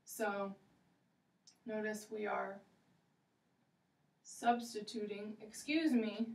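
A woman teaching English, slow and encouraging, repeating phrases for a learner. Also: medium pitch, far from the mic. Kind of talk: ESL role-play lesson. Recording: echoey room, voice from afar.

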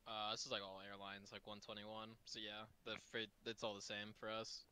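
Brief: very bright, crisp-voiced man, offhand and hedging, lower-pitched, close and dry. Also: level tone, moderate pace. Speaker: pilot, gamer friend. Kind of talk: casual gaming chat.

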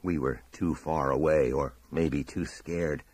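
A man reading a horror audiobook in a measured, dramatic storytelling manner. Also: very deep voice, fairly even intonation, a little mellow, no room sound. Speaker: audiobook narrator. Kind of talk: scripted horror narration.

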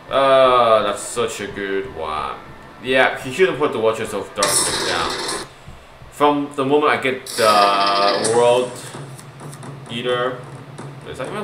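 A man giving excited gameplay commentary as a gaming YouTuber, pleading and shouting at the game and laughing often. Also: fairly low pitch. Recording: echoey room with game music.

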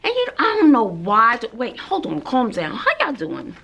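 Woman, schoolteacher, sassy casual vlogger, slightly high voice. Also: huge pitch swings, moderate pace, a bit bright, a little hiss or hum. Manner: sassy, chatty, talks to viewers like girlfriends. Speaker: middle school teacher. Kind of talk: casual vlog chat.

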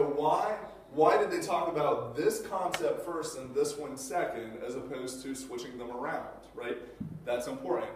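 A man's voice: medium pitch, a little hiss or hum. A male teacher giving a casual classroom lecture, checking in with rhetorical questions and filler words. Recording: echoey room, mic far off.

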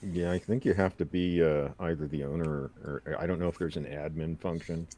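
Deep-voiced man explaining things. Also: steady tone, brisk, warm tone. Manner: thoughtful, explains at length. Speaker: watch party guest. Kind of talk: casual group chat.

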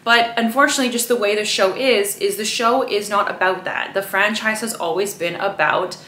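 A woman's voice: mid-range voice, steady tone, brisk, sharp tone, a little hiss or hum. Brief: young woman vlogger, casual and chatty, roomy echo. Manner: chatty, peppers speech with "right?" and "you know". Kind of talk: casual chat to camera.

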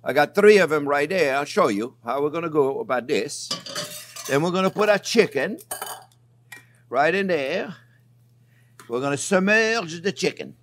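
With a slightly high voice at normal speed, a man hosting a cooking show pauses often while demonstrating a dish. He's chatty and enthusiastic, addressing viewers as friends from his kitchen, and there's slight background noise.

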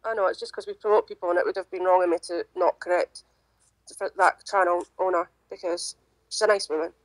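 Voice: medium pitch, steady tone, a little fast, no room sound. Hesitant, apologetic livestream co-host. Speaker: channel co-host. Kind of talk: casual group livestream chat.

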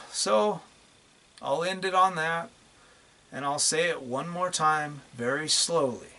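A man's voice: a little high, slow, pauses often, bright, forceful tone. A man ranting bluntly to the camera in a profane, repetitive video monologue. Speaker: vlogger.

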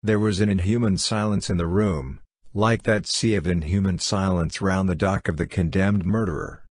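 A man narrating a classic story as an audiobook reader, in a measured, even way. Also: low voice, dry recording, studio quality.

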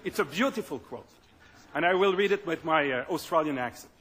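A man's voice: on the high side, expressive, a little fast, background noise. A man giving a political speech as party leader, emphatic and stumbling into repetitions at times.

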